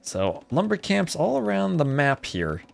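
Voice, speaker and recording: A man commentating a live strategy game tournament, chatty and excitable, chatting with viewers between plays, with faint music behind. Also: fairly high pitch, a little slow, gravelly. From New Jersey. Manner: chatty, reads chat aloud, excitable outbursts. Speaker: esports caster.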